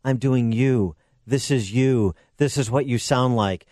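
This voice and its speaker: Sarcastic talk radio host, dry studio sound. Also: male voice, medium pitch, a little mellow, dry recording. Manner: sarcastic, combative, brisk. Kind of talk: political talk radio commentary. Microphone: studio microphone.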